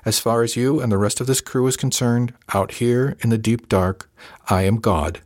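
A man's voice: mid-range voice, steady tone, darkish tone, dry recording, clean studio sound, pitched above the performer's own voice, lightly acted. A man doing a stern, menacing starship captain. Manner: slow, measured, menacing emphasis.

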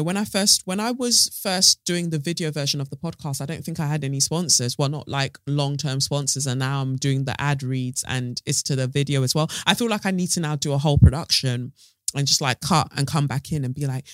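A man's voice: a little high, a bit bright, no room sound, studio quality. Chatty man hosting a podcast. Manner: chatty, rambling, playful asides. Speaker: podcast host. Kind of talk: casual podcast chat, reading news aloud.

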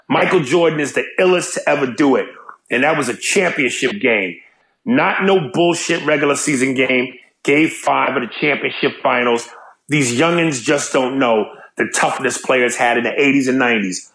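Gravelly, cursing podcast host. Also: male voice, mid-range voice, normal speed, reverberant. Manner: profane, animated, rambling. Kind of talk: casual chat.

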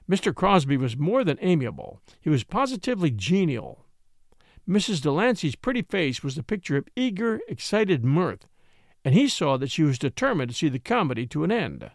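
A man narrating an audiobook in an expressive, animated reading. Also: a little high, normal speed, dry recording, clean studio sound. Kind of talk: scripted narration.

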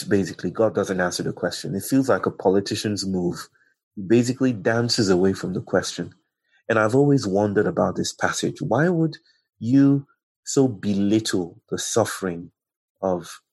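A man speaking in a slow, searching, reflective way, telling an old story and musing on its meaning. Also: low-pitched, husky. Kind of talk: reflective conversation.

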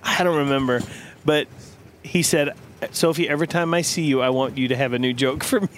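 A man's voice: medium pitch, fairly quick, a little hiss or hum. A middle-aged man chatting casually as a co-host, telling stories with lots of laughter. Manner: animated storyteller, laughs often. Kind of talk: casual chat.

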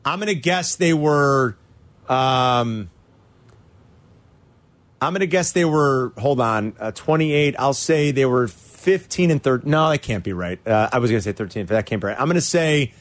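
A man hosting a sports talk radio show, an animated fan who rants about his teams. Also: mid-range voice, moderate pace, no room sound.

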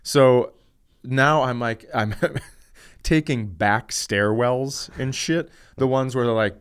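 A man's voice: medium pitch, slow pace, clear, resonant tone. A man, a comedian co-hosting a podcast, telling a story in a casual, profane way and laughing as he talks. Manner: animated, profane storytelling, often laughing mid-sentence.

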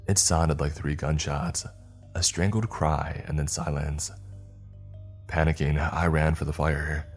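Very deep husky male narrator. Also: a little mellow. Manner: measured, first-person storytelling. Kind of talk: scripted horror narration.

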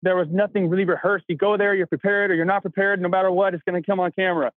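A man from Kentucky, an actor, telling stories in casual chat, animated and acting out the voices of people he quotes. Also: sits high, rapid-fire, no echo, narrow, tinny audio. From Kentucky, USA. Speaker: actor guest.

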